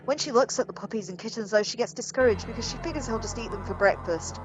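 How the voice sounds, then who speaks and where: A woman's voice: fairly high pitch, quick pace, music in the background, low-quality recording. A woman playing a video game, reading its emails and jokes aloud with casual, wry remarks. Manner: casual, wry, reads jokes with put-on voices. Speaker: let's play gamer.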